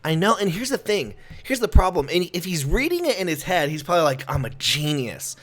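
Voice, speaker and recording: A young man with a slightly raised voice reviews comics in casual commentary. He rants in an animated, exasperated way. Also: high-pitched, quick pace.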